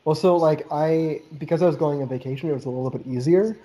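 A man's voice: a little high, fast, dark tone, a little hiss or hum, poor audio. A man from Canada chatting casually on a podcast, rambling and loose with lots of "like" and offhand swearing. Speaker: podcast co-host. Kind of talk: casual chat.

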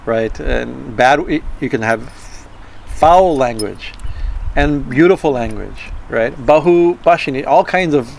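A man giving an informal talk on Tantra philosophy. He speaks haltingly, repeats words and keeps asking "right?". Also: mid-range voice, gravelly, slight background noise, rough recording. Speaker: spiritual teacher.

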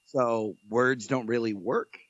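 A man of middling pitch tells a story in a casual, joking, animated way. The sound is dry and a bit dull. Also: slow, no room sound. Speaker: podcast guest.

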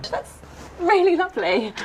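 A woman's voice: very high voice, very animated, moderate pace, crowd noise. An actress playing a cheerful young woman who is opening a gift in a comedy sketch clip. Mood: delighted. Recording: loud background noise.

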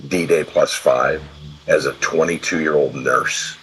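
A man's voice: extremely low pitch, steady tone, takes it slowly, a bit bright, a little hiss or hum, rough recording. A man in his sixties from California, a podcast guest telling rambling, salty stories full of restarts. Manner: rambling, profane, with many restarts. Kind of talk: casual storytelling interview.

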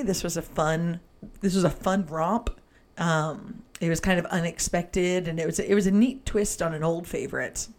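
Low-voiced lady chatting about a movie, laughs a lot, keeps cutting in. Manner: animated, laughs often, cuts in. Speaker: podcast co-host. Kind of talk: casual movie review chat.

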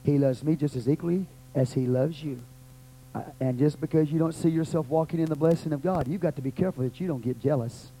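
Texan male pastor, mellow tone, fervent sermon delivery, faint background hum. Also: quick pace, poor audio. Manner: fervent, swings from loud cries to low murmurs. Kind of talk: sermon with prayer.

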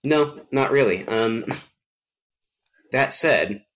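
A man co-hosting a podcast, telling stories in a rambling, animated way with lots of fillers. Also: mid-range voice, drawn-out words. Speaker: podcast co-host. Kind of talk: casual chat.

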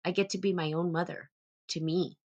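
A woman hosting a live stream, talking casually about self-love in a gentle, rambling way. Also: on the low side, steady tone, brisk. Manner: rambling, gentle, many "like" fillers. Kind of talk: casual spiritual self-help talk.

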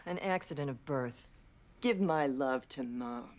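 Casting: low-voiced, icy station boss, mocking and cold. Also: female voice, takes it slowly. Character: cold, scheming woman radio station boss. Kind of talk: TV drama acting.

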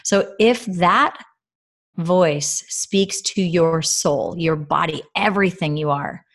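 A woman in her thirties talks casually to her viewers about faith, in the manner of a storytelling mother. Her delivery is animated, with frequent laughs. At moments she sinks into soft, near-whispered tones. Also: lowish voice, slow pace, vocal fry. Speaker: mother sharing a faith lesson.

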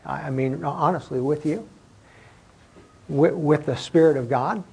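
A man preaching in a church room, his voice gravelly and a little husky. He speaks in a loose, conversational way, often restarting his sentences. His pitch sits somewhat high for a man. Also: measured pace, warm tone, poor audio. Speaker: pastor. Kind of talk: sermon.

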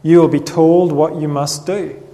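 A man preaching a sermon in an earnest, measured way, reading Bible passages aloud. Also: a little high, steady tone, warm tone. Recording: long reverb of a hall.

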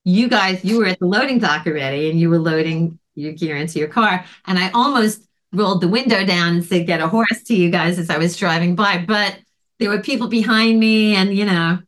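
A woman's voice: lowish voice, a little fast. A woman podcast host in casual chat, telling a story with animation and acting out the voices of others. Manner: animated, acts out quoted voices.

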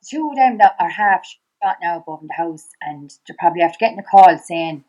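A middle-aged Irish woman, a podcast guest, retelling events in conversation. She talks in a fast, halting way, acting out past dialogue with many restarts. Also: lowish voice, expressive, darkish tone, dull audio. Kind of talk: personal storytelling in conversation.

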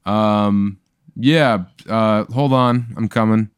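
Smooth-voiced man quipping as a player. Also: lowish voice, no room sound, studio quality. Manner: deadpan, quick quips. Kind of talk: casual improvised play.

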